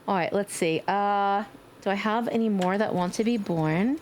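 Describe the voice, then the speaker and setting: A woman streamer chatting casually with her viewers in a playful way, now and then slipping into squeaky baby talk and screams. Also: normal speed, darkish tone, a little hiss or hum. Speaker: livestreamer. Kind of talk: casual live-stream chat.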